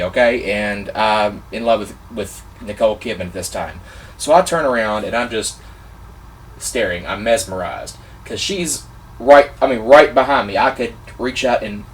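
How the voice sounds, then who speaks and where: A man vlogger telling a personal story in a casual, excitable, animated way, gushing like a fan. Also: lowish voice, distant mic, a little hiss or hum.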